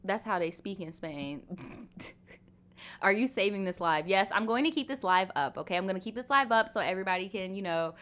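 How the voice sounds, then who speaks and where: A young woman in her twenties hosts a casual live Q&A stream, her medium-pitched, fairly bright voice moving with lively intonation at normal speed. She's chatty and frank, swearing casually and filling her talk with lots of "like"s and laughs.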